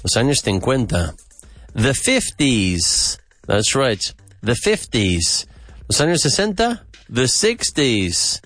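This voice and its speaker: A man hosting a podcast vocabulary lesson, repeating words slowly and with emphasis. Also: mid-range voice, sing-song, fairly bright tone, soft background music. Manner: slow, emphatic repetition of words. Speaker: English teacher and podcast host.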